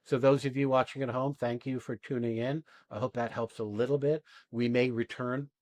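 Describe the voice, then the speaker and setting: A man coaching actors after an exercise, talking casually and acting out quoted lines in animated bursts, often asking "right?" and swearing now and then. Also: mid-range voice, normal speed, dry recording. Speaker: acting coach and podcast host.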